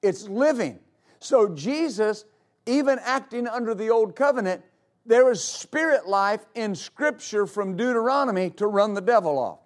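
High-pitched guy preaching to a church crowd, punchy, says things over and over. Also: expressive, moderate pace. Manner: emphatic preaching, repeating key phrases. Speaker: pastor. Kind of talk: sermon. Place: church service before a congregation.

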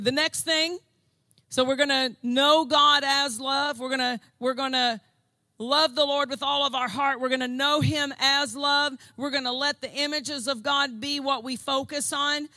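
High bright-voiced woman preacher, unhurried. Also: no echo. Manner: fervent, repeats phrases, rises to shouted declarations. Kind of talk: sermon. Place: church service.

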